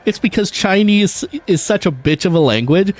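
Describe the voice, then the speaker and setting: A man's voice: high-pitched, lively intonation, normal speed. A man chatting casually and jokingly on a gaming livestream, swearing and talking to his viewers. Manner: chatty, jokey, swears and laughs easily. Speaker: streamer.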